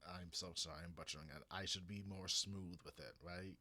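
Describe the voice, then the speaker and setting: A man's voice: sits low, steady tone, normal speed, few pauses, sharp tone. A man in his thirties talking casually and ramblingly about comics, with restarts and swearing. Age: 30s. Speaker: comics vlogger. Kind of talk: casual opinion monologue.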